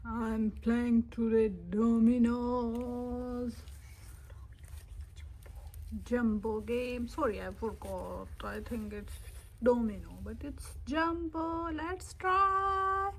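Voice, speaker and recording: A young woman narrating a toy game on her channel in a playful, exclamatory way that sometimes drops soft. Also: on the high side, takes it slowly.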